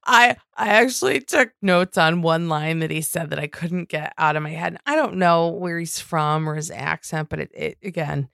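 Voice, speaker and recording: A woman's voice: deep voice, moderate pace, creaky, hardly any pauses, a bit bright, no echo, studio quality. A woman co-hosting a podcast, recapping a reality show in casual, sarcastic, exasperated talk with some swearing. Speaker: podcast co-host.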